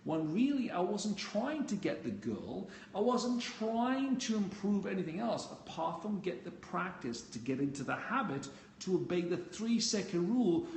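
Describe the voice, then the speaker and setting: A man with a blunt, casual manner who swears freely, giving a dating coach's talk on a phone live stream. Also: sits high. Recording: echoey room with faint ambient noise.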